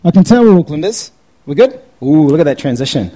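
A man's voice: a little high, very animated, quick pace, dark tone, poor audio. A man with a New Zealand accent, chatting casually to a live audience through a handheld mic held close, full of fillers, "eh" and "man". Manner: chatty and laid-back, many fillers and "eh", "man". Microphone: handheld mic held close to the mouth.

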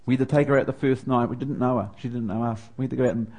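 A middle-aged New Zealander with a New Zealand accent preaches a sermon very fast, his mid-range voice steady, darkish, and a bit breathy. He tells a personal story, his emotion rising as it unfolds.

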